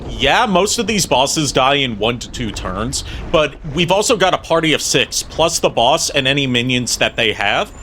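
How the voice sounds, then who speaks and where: A man's voice: medium pitch, big pitch swings, normal speed, few pauses, pushed and bright, slight background noise. A man who is a player in a friend group, making dry quips and reasoned interjections in casual chat.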